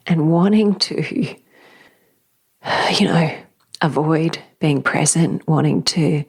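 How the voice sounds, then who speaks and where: Soft, husky, gravelly woman speaking slowly. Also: low-pitched. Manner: soft, slow, often whispery and emotional. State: tearful at times. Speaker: podcast host. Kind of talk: spiritual reflective talk.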